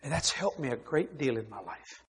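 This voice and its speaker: A middle-aged male preacher telling a story in his sermon, animated, acting out dialogue and laughing often. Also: mid-range voice, normal speed, slightly rough, long reverb tail. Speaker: preacher, head of a ministry.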